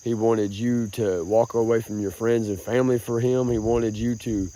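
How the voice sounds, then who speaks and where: Young guy, mellow tone, rambling cussing vlog talk outdoors in a field. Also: medium pitch, level tone, normal speed. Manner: rambling, swears often, calls listener bro. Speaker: vlogger. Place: outdoors in a rural grassy field.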